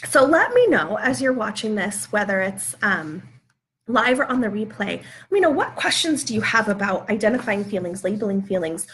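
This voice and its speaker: A woman's voice: medium pitch, sing-song, moderate pace, fairly bright tone, slight background noise. Brief: woman, parenting educator, chatty live-stream teaching tone, talks through sample conversations. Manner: conversational, works through example dialogues. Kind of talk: live video teaching talk.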